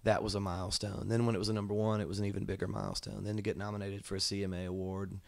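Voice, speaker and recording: A low-pitched man with a gravelly edge, chatting as a musician guest at a venue. He talks in an easygoing, reflective way and fills pauses with "um" and "I mean.". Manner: relaxed, thoughtful, many fillers. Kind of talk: casual interview chat.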